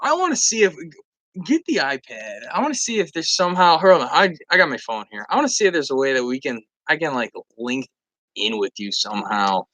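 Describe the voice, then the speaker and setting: A man talks through his picks in a casual, chatty way and keeps asking his co-host's opinion. His voice is slightly high, and it is recorded close and dry at home. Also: sing-song, a little fast, pushed and bright, dry recording, low-quality recording. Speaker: fantasy football show co-host. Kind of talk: casual livestream banter.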